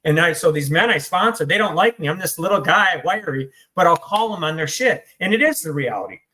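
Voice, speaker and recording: A man's voice: on the high side, animated, bright, forceful tone. Blunt, hyper man with a raised voice. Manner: blunt and profane; hyper, rapid-fire delivery. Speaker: interview guest in recovery. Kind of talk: candid conversational storytelling.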